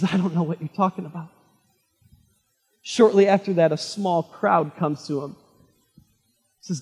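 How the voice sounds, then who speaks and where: A male pastor delivers a sermon in a high, husky voice that rings out in a hall with a long reverb. He retells the story dramatically, climbing loud and fervent, then dropping to a hush.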